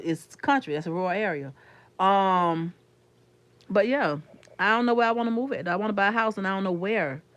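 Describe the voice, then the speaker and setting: Speaking in a lowish voice with no echo, a Florida woman with a Florida accent casually chats with her livestream viewers. The YouTuber rambles on to her live chat, calling them honey and sugar.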